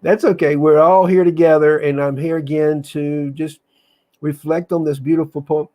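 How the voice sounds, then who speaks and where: A man hosting a reflective online session, talking in an earnest, halting way with restarts, then reading a poem aloud slowly. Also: a little high, level tone, warm tone. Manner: reads slowly with long pauses. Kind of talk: casual live talk and slow poetry reading.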